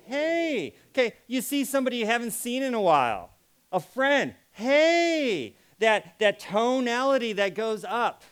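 Performing sample phrases to show an audience how tone shifts meaning, this man leads a lively interactive presentation in a demonstrative style. His very high voice is animated, a bit bright, clear, and resonant, at a normal speed.

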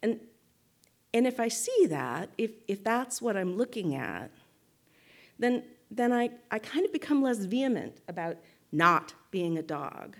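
A woman speaking slowly and deliberately, like a guest speaker leading a reflective teaching. She talks in a thoughtful, measured way, often pausing to check in with her listeners and restarting her phrases. Her voice sits in an ordinary middle range. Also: medium pitch, big pitch swings, creaky.

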